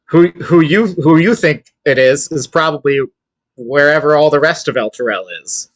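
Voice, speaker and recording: A man's voice: fairly high pitch, normal speed, dry recording. A man playing a tabletop game, often stammering and restarting. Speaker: player. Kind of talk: casual tabletop play.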